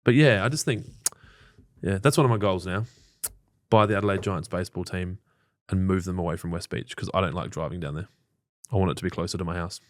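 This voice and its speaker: A man's voice: deep voice, fast, dry recording, studio quality. A man with an Australian accent co-hosting a casual live show, joking and swearing freely. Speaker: podcast co-host.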